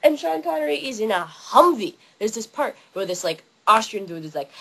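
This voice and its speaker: A young woman excitedly ranting about a favorite movie, yelling and acting out scenes in funny voices. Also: mid-range voice, fairly quick, few pauses, low-quality recording. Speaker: vlogger.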